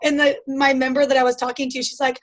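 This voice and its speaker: Young woman, high voice, chatty interview guest, storytelling, heavy on "like.". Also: little pitch movement, fast talker, a bit bright. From United States. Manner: chatty storytelling, frequent "like" fillers. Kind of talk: casual conversation.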